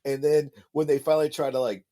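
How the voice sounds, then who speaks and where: A man co-hosting a casual podcast chat, talking in animated, mocking rants that turn loud with exasperation. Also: on the high side, fast. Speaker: podcast co-host.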